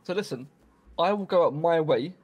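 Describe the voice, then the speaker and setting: A man with a slightly raised pitch speaks calmly and patiently. He plays a police commander in role-play and tries to settle an angry colleague. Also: moderate pace, highs cut off. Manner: calm, patient and placating.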